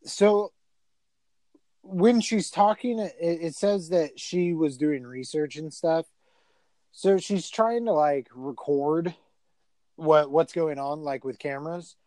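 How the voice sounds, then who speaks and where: A man's voice: fairly high pitch, takes it slowly, mellow, no echo. A man retelling a movie in a casual chat, rambling and profane, with lots of filler words.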